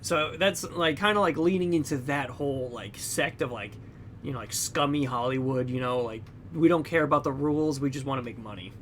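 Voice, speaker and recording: A young man co-hosting a podcast, casually retelling a movie plot with lots of "like" and "you know", acting out characters in loud, high bursts. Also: a little fast, a little hiss or hum. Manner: heavy use of fillers like "like" and "you know". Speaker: podcast co-host. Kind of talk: casual film recap.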